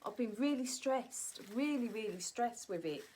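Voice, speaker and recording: A woman's voice: on the high side, expressive, moderate pace, a little mellow, slight background noise. A woman vlogging in a chatty, ranting monologue, often tossing in "right?" asides. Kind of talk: casual opinion monologue.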